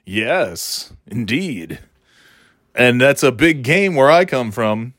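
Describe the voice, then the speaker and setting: A man's voice: medium pitch, animated, moderate pace, a bit bright, dry recording, studio quality. A man vlogging at home, talking in a rambling, self-deprecating, casually profane way. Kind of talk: casual monologue to camera. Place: at home in a living room.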